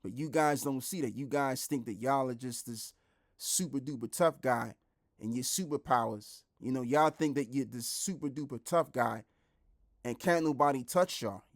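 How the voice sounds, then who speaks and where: A man preaching online, blunt and repetitive, who drops into a lower, quieter voice when he reads scripture aloud. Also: moderate pace. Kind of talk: street-style preaching commentary.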